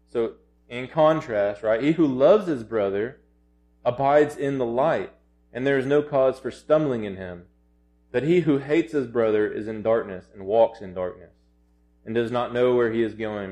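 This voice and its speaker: A man's voice: on the low side, normal speed, a little mellow. Earnest male preacher. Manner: earnest, urgent, many restarts, rising to emphatic peaks. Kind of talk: sermon.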